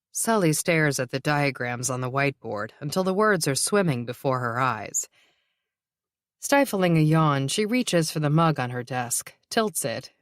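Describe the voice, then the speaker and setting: A woman narrating a novel in a steady, even reading voice. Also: deep voice, no room sound, clean studio sound. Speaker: audiobook narrator. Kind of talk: scripted narration.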